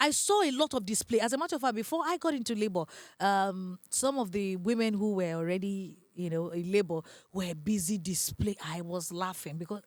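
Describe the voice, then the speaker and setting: A woman with a Nigerian accent speaks as a relationship advisor in a relaxed interview, with a mid-range voice. She tells her points animatedly and with drama, often breaking into laughter, in a dry, close sound. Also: mid-range voice, brisk, hardly any pauses, no room sound. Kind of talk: casual podcast interview talk.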